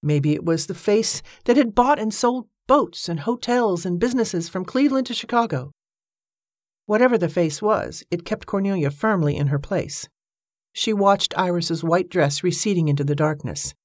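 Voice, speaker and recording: Low-voiced woman narrating a story. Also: dry recording, studio quality. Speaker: audiobook narrator. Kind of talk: scripted narration.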